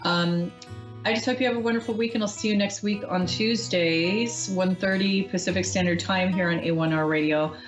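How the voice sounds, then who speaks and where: A woman hosting a live call-in psychic radio show, talking in a gentle, reassuring way with frequent ums. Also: fairly low pitch, steady tone, normal speed, highs cut off, soft background music.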